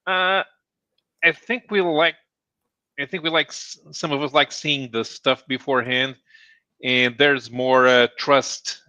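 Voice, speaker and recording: A man hosting a casual livestream hangout, talking in a hesitant, halting way with many restarts. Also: medium pitch, fairly even intonation, pushed and bright, no room sound. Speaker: stream host.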